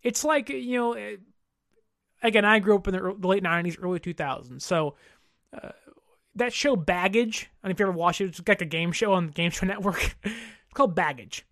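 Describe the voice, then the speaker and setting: A woman in her thirties hosting a sports podcast, ranting in an exasperated, animated way with mocking mimicry. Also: mid-range voice, a little fast, dry recording, clean studio sound. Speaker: podcast host. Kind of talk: casual sports podcast rant.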